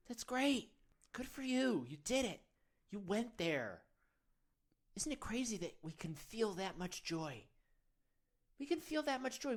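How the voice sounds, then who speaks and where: A man's voice: high-pitched, exaggerated voice. A man playing a self-serious male men's-wellness guru, leading a parody of a guided meditation in an earnest, coaxing, rambling way.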